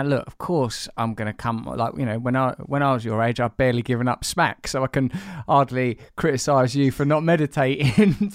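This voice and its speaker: A man's voice: medium pitch, clear, resonant tone, no room sound, studio quality. A man, hosting a podcast in a rambling, self-deprecating way and swearing casually. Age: 40s. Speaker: podcast host.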